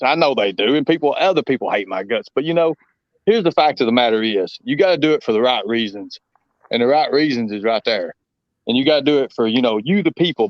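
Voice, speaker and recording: Heard through a muffled recording with no echo, a Southern-accented man talks at medium pitch as a live-stream guest. His casual chat rambles, leans emphatic, and is packed with fillers.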